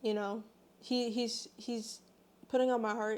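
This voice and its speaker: A woman's voice: on the high side, little pitch movement, unhurried, darkish tone, clear, resonant tone. A pregnant young woman talking earnestly and from the heart in a personal vlog, her words full of faith. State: eight months pregnant. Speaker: vlogger.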